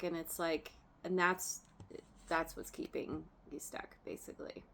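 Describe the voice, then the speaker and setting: A woman's voice: sits low, flat delivery, a little slow, gravelly, fairly bright tone. A woman doing a casual tarot reading, chatty and laughing often, trailing off and restarting her sentences as she turns cards. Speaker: tarot reader.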